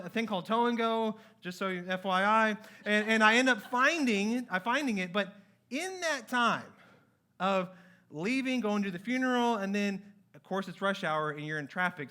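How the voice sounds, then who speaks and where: A man preaching a sermon in a church, telling a story in a lively way and acting out his own past words. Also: sits high. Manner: animated storytelling with acted-out quotes. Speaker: pastor. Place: church sanctuary.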